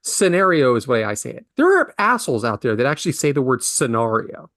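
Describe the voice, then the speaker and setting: A man's voice: mid-range voice, very animated, quick pace, a bit bright, no echo, studio quality. A man co-hosting a casual podcast, ranting in mock outrage about words he hates. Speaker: podcast co-host.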